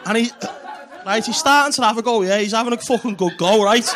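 A man's voice: high-pitched, fast. A man with a Liverpool accent doing a sweary stand-up set, chatting with the crowd and checking they follow along. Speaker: stand-up comedian. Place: comedy club stage before a laughing crowd. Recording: live club recording, loud crowd and noise.

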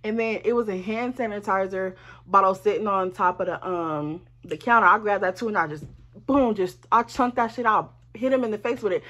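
A woman telling a storytime to her viewers in a lively, profane, chatty way, speaking straight to them. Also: mid-range voice, a little fast. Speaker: vlogger. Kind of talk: casual storytime.

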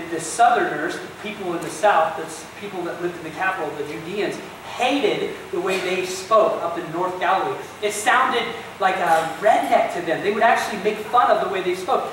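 Pastor guy preaching, lively storyteller, super echoey hall, mic kinda far off. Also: high voice, noisy background. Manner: animated storytelling preacher, addresses listeners directly. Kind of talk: sermon. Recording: very echoey distant church recording.

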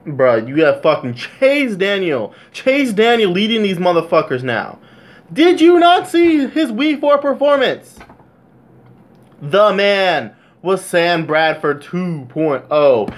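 A young man ranting into the camera about his football team, his voice sitting at an ordinary middle pitch. He swears constantly and keeps flaring up into loud, high-pitched outbursts before dropping back to a muttered grumble. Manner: swearing, exasperated rant with sudden loud outbursts. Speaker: sports vlogger. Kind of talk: casual sports rant.

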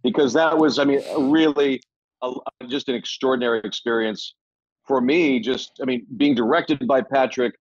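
A middle-aged man, an actor guesting on a podcast, telling stories in a lively, casual way and swearing freely. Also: medium pitch, moderate pace, no room sound, dull audio. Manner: animated, swears casually, many restarts. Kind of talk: casual anecdotal storytelling.

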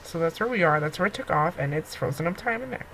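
A young woman giving excitable let's-play commentary, gasping and pleading with the game as she plays. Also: lowish voice, fast, slight background noise, poor audio. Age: young adult. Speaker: gaming YouTuber.

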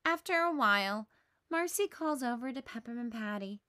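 A woman, a teacher, reading a children's storybook aloud in a clear, expressive way. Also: on the high side, normal speed.

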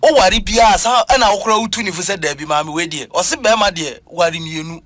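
A man with a Ghanaian accent, talking as a preacher on a church talk show, lively and emphatic as he mixes Twi and English. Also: high-pitched, quick pace, faint music behind.

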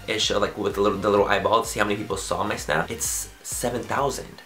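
A man's voice: fairly low pitch, animated, racing, few pauses, fairly bright tone, faint music behind. A man chatting as a beauty vlogger in a casual outro and bloopers, bubbly and rambling, mocking himself and swearing offhandedly.

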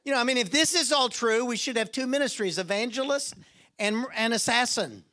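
Animated man preaching a sermon. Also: very high voice, a little fast. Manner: animated, acts out quoted voices and jokes. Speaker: guest preacher. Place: church.

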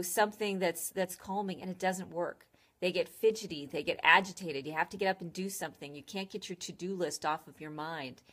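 A woman hosting a casual live stream, giving earnest advice on stress and greeting viewers by name as she talks. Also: lowish voice. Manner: chatty, greets viewers by name mid-sentence; earnest, coaching tone.

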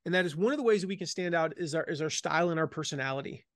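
A man with a slightly higher voice talks with energy and leans hard on his main points, a trace of a Southern American accent still in his words. He speaks as an author guest in an interview. The sound is dry and close, with no room around it. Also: racing, no echo. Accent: slight Southern American, faded by Midwest years. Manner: energetic, emphatic, repeats key phrases. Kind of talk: conversational interview.

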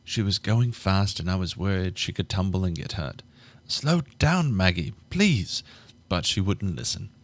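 Deep-voiced male narrator for a live audiobook read, measured and steady. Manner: measured, restarts flubbed lines.

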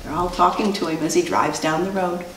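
A woman who teaches preschool, reading a picture book to small children in an animated, sing-song way and quizzing them as she goes. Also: fairly low pitch, brisk, slight background noise. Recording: echoey room, distant mic.

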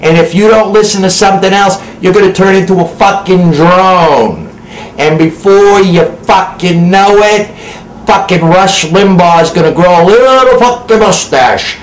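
A man delivering an angry, profane political rant with constant swearing and loud bursts. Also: high voice, a little slow, roomy sound, a little hiss or hum, low-quality recording. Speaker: actor ranting on camera.

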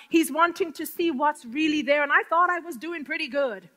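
A woman giving an impassioned testimony to a women's gathering, swinging from hushed whispers to loud, tearful outcries. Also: high-pitched, moderate pace, few pauses. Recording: long hall reverb.

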